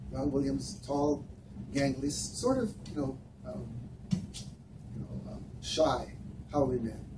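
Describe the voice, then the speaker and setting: A man gives an earnest, unhurried talk, pausing often, his pitch rising and falling with lively expression. He is heard from a distance in an echoey room. Steady background noise runs underneath him. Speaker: speaker addressing volunteers. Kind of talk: reflective talk with personal stories.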